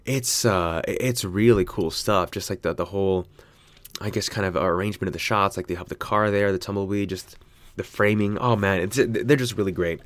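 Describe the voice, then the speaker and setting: A young man rambles through a casual vlog, chatty and self-deprecating, and his voice leaps upward when something excites him. His voice sits on the low side. The sound is close and dry, with no room echo. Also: moderate pace. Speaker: vlogger.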